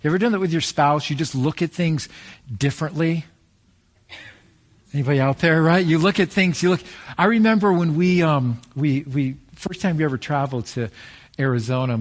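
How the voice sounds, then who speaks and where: A middle-aged man preaching a sermon as a pastor, conversational and storytelling, with animated peaks. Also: on the high side.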